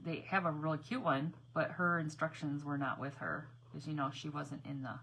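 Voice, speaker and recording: Woman craft vlogger, bright tone, chatty and giggly, faint room hum behind. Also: sits low, steady tone, normal speed. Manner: chatty, laughs often, mutters while working. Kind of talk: casual crafting chat to viewers.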